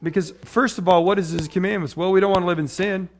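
A man's voice: high-pitched, steady tone, quick pace. A middle-aged man preaching a casual, conversational sermon, wandering into personal stories and often checking in with "right?". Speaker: pastor.

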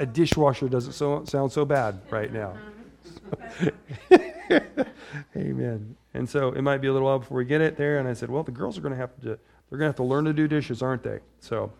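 A man's voice: medium pitch, brisk, creaky, a little mellow. A middle-aged man preaching a casual, conversational sermon, wandering into personal stories and often checking in with "right?". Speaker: pastor.

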